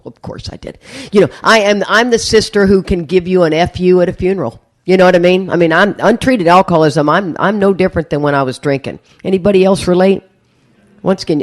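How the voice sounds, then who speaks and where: A middle-aged woman, speaking at a recovery meeting and telling a candid story to a live audience with self-mocking humor. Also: deep voice. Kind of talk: personal testimony to a live audience.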